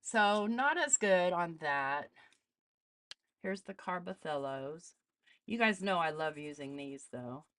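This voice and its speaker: A woman's voice: lowish voice, lively intonation, takes it slowly, fairly bright tone. A woman hosting a casual live art demonstration, chatting as she tests supplies and greets viewers. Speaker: art channel host.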